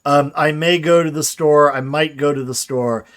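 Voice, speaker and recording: A man teaches grammar over a casual livestream, with a voice pitched a little higher than most men's. He explains in a loose, conversational way, reading out chat questions and often checking in with the audience. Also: fairly even intonation, moderate pace. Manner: casual explanatory, reads chat questions aloud, frequent "right?". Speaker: grammar lecturer. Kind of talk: livestreamed lecture with chat replies.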